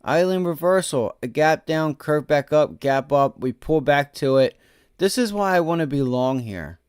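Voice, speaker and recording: A man hosting a live day-trading stream, talking through charts and swinging between low frustrated muttering and loud swearing outbursts. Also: lively intonation, normal speed, smooth, no echo, clean studio sound. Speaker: day trading livestream host.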